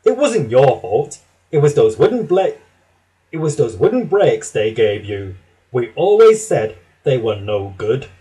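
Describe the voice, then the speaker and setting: A man voicing kindly male railway crewmen consoling an engine in a storybook reading, soothing and low. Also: big pitch swings, a little slow, dark tone, rough recording. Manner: soothing, lower. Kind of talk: storybook narration.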